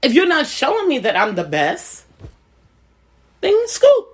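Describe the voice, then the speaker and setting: A woman's voice: on the high side, big pitch swings, moderate pace, slight background noise. A middle-aged woman and business owner giving casual advice straight to camera, blunt and emphatic, coming back to her points again and again.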